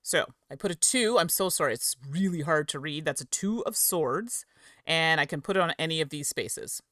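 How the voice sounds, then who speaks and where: A woman's voice: deep voice, lively intonation, moderate pace, a bit bright, no room sound, studio quality. A woman hosting a live game stream, chatting with viewers, explaining rules, giggling and tripping over words at a home streaming setup. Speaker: streamer and host.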